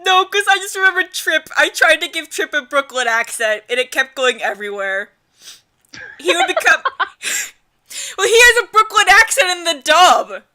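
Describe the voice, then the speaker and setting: A woman's voice: very high voice, sing-song, moderate pace, sharp tone. A woman reading a visual novel aloud and chatting casually about character voices, with lots of fillers and laughter. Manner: rambling, filler-heavy, laughs often. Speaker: visual novel let's player. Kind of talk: casual let's play chat and reading aloud.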